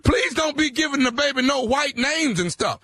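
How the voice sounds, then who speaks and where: A man making a prank call on a radio show, deadpan and provoking, with slangy talk. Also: extremely high pitch, moderate pace. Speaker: prank caller.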